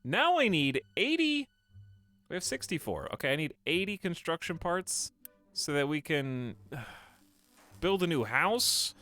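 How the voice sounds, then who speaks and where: A man's voice: a little high, animated, unhurried, pushed and bright. Guy streaming a game, rambly chat with his viewers, voice bouncing up and down a lot, bit of music in the back. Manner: rambling, talks to chat while playing.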